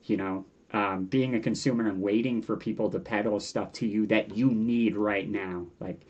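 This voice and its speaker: A man in his forties speaks as a guest in a relaxed podcast interview, his voice sitting fairly low. He talks earnestly and animatedly, often doubling words as he works out his thoughts. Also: normal speed, husky, highs cut off. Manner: earnest and animated, repeats words while thinking. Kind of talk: casual conversational interview.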